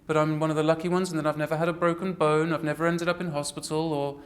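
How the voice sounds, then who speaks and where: A woman in her forties, an actress in an interview, speaking earnestly and reflectively with frequent halting restarts. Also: sits low, little pitch movement. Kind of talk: personal interview storytelling.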